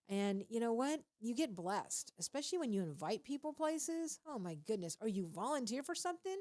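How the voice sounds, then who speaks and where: A woman's voice: fairly high pitch, expressive, a little fast, hardly any pauses, darkish tone. A woman hosting a radio show, talking casually and preachily at a studio microphone with a lot of animation and frequent laughter. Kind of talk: casual faith-based radio talk.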